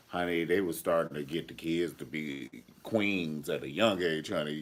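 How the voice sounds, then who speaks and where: A man's voice: low voice, brisk, hardly any pauses, a little hiss or hum. A man reviewing a TV episode in a casual vlog, flamboyant, sassy and profane. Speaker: TV show reviewer.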